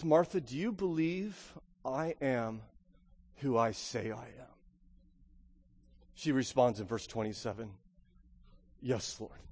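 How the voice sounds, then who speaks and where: A male pastor delivers a sermon in a church. His voice sits a little high for a man, and he moves from loud, emphatic proclamation to soft, close appeals. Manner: swings from booming proclamation to hushed intimate appeals. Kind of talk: Easter sermon.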